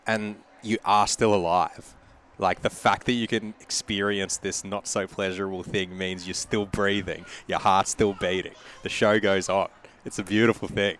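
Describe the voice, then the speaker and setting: A man being interviewed on a podcast, speaking in a relaxed, thoughtful way and laughing easily. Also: sits low, normal speed, a little hiss or hum. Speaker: podcast guest. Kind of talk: casual conversational interview.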